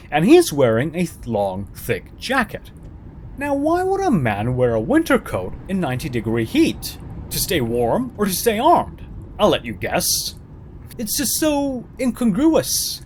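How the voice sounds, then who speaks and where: A man's voice: medium pitch, a little hiss or hum. A man reading a first-person horror story aloud, dramatic and sarcastic in his delivery. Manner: dramatic, sarcastic, swooping intonation.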